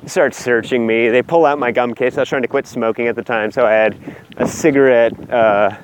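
A man co-hosting a casual podcast outdoors, telling stories in an animated way, swearing and laughing. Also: mid-range voice, brisk. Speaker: podcast co-host. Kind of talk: casual storytelling chat. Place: outdoors at a marina. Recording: muffled outdoor recording with wind noise.

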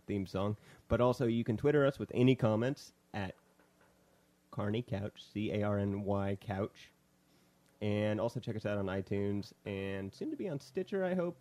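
A man's voice: on the low side, dark tone. A man hosting a casual film review podcast, rambling and joking with lots of restarts. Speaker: podcast host.

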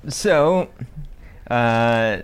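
A man's voice: mid-range voice, expressive, very slow, clear, resonant tone. A young man co-hosting a podcast, recapping a film in casual chat, rambling and joking with lots of fillers and restarts. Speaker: podcast co-host.

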